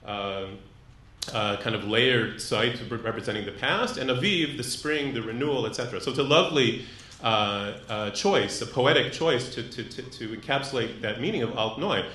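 In an echoey room, a man lectures live to an audience, his mid-range voice animated and sharp at a moderate pace. He speaks thoughtfully but with many fillers and restarts.

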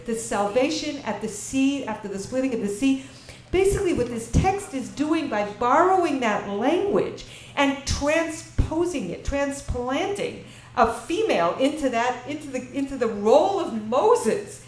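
Lively woman lecturing in an echoey room. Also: high-pitched, measured pace. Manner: asks the audience questions, reads Hebrew verses and translates them. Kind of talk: classroom Bible lecture. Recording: echoey room with faint ambient noise.

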